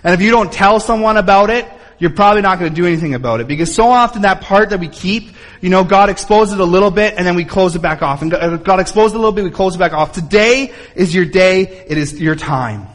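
A man with a high voice preaches a sermon from the front of a church. He talks earnestly and swings his emphasis up and down. His voice trails off in a long hall reverb. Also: fast talker. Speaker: pastor. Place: church sanctuary.

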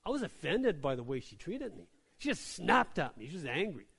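Guy pastor preaching, kinda higher voice, casual back-and-forth, slows way down and goes soft on the key lines. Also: very animated, vocal fry, husky. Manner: conversational preaching with many tag questions; drops soft and slow on key lines, lifts for stories. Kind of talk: sermon.

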